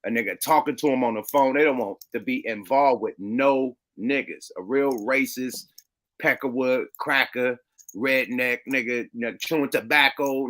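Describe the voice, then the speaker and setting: Bright-voiced man in animated casual chat. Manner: animated, slangy, acts out quotes in high voices. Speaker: podcast co-host.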